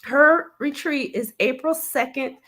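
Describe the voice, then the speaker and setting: A woman's voice: high voice, unhurried, bright, forceful tone. A woman hosting a show over a video call, chatty and apologetic, laughing easily. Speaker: host. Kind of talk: casual video-call chat.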